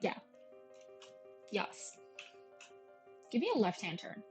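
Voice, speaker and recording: A woman's voice: mid-range voice, sing-song, slow, a little mellow, soft background music, low-quality recording. A young woman chatting casually and self-deprecatingly as she comments on a game she is playing at home, drifting off into tangents. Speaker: gaming channel host. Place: at home with her cats.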